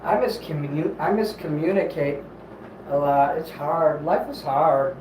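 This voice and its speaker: A man's voice: a little high, measured pace, background noise. A man hosting a casual livestream from home, reading chat while he eats and rambles in an apologetic way, swearing here and there.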